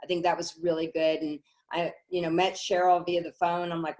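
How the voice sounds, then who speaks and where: A middle-aged woman telling a personal story on a call, animated, acting out what others said. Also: lowish voice, a little fast. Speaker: network marketing speaker.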